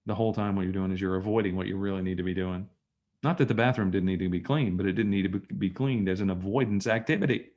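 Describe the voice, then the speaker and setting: A man teaching a live online workshop, talking to students in a lively storytelling way and acting out conversations. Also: low-pitched, fast talker, lo-fi sound. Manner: animated storytelling, acts out dialogue. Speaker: trainer. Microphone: video call.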